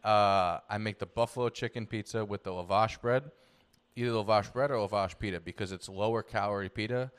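A man's voice: on the low side, steady tone, fairly quick, clear, resonant tone. A young man co-hosting a podcast, talking casually in a matter-of-fact, blunt and joking way. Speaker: podcast co-host. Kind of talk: casual chat.

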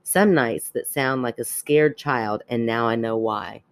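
A woman's voice: very deep voice, measured pace, no room sound. A woman co-hosting a podcast who tells a listener's story with lots of expression, frequent laughter and casual swearing. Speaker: podcast co-host. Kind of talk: casual chat, reading a listener email aloud.

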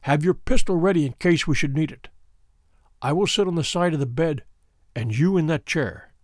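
A man reading as Sherlock Holmes, calm and probing. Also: on the high side, no room sound, clean studio sound, natural voice. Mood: hushed urgent. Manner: measured, probing questions. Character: shrewd calm male detective, middle-aged.

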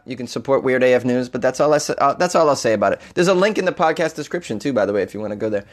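Ranting American man hosting a comedy podcast. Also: mid-range voice. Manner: animated, ranting, swears casually, jokey. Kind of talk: casual comedic podcast rant.

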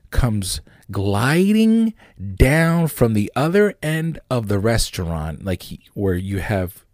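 A man hosting a podcast, telling a rambling, profane story in a casual, animated way. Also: on the low side, dry recording, clean studio sound. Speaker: podcast host.

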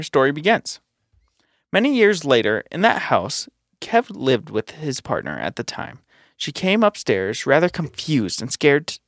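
A man's voice: on the high side, no room sound, clean studio sound. Man reading a listener's ghost story. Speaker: podcast host.

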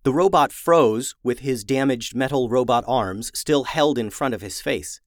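A man reading a children's story aloud, expressive and animated. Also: mid-range voice, a little slow, no echo, studio quality. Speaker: narrator.

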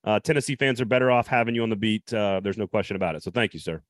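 A man's voice: lowish voice, racing, no echo. A man with a mid-range voice hosting a talk show. He asks questions in a friendly way and then moves into commentary, recorded dry and close to the mic. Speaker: radio show host. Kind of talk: casual interview and commentary.

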